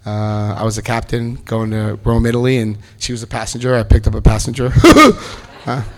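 A man's voice: lowish voice, fairly quick. A middle-aged man telling his recovery story to an audience, acting out the voices of the people in it. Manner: animated storyteller acting out quotes. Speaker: speaker sharing recovery story. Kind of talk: personal testimony to an audience.

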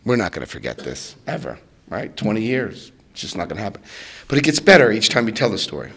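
A middle-aged man telling his recovery story to a room, animated, swinging between loud and soft and acting out voices. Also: fairly low pitch, fast, gravelly. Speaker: recovery speaker.

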